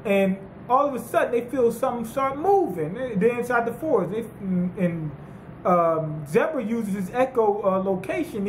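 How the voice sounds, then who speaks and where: A man giving a casual, profane manga chapter review, rambling and excitable with lots of fillers. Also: high voice, moderate pace, reverberant, slight background noise, poor audio.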